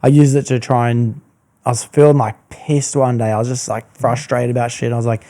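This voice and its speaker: Male podcast host, mellow low-key tone, earnest and reflective. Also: little pitch movement, fairly quick. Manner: earnest, laid-back, reflective. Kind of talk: casual reflective chat.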